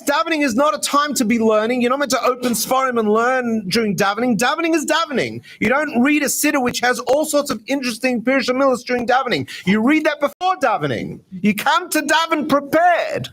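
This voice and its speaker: A man, a rabbi, giving an informal, chatty talk on prayer and meditation at a gathering, lively and self-mocking. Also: very high-pitched.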